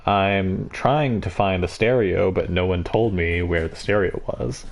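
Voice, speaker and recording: A man's voice: sits low, a little slow, vocal fry. A man streaming a game live, giving sarcastic, mocking commentary on what he sees.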